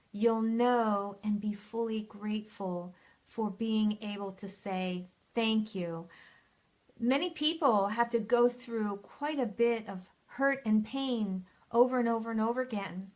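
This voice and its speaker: Soothing spiritual coach, fairly high voice. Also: female voice. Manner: soothing, affirming, addresses viewers by name; reads viewer comments aloud. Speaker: spiritual coach hosting a live Q&A. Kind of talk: live-stream advice session. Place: at home.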